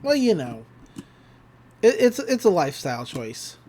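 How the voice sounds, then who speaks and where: Animated woman recapping an episode. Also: fairly low pitch, unhurried, a little hiss or hum. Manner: animated retelling with acted-out quotes and laughs. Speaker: podcast co-host. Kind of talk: casual episode recap chat.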